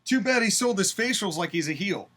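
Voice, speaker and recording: A man co-hosting a casual podcast, opinionated and animated as he breaks things down. His voice sits a bit higher than most men's. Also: brisk. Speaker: podcast co-host. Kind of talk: casual chat.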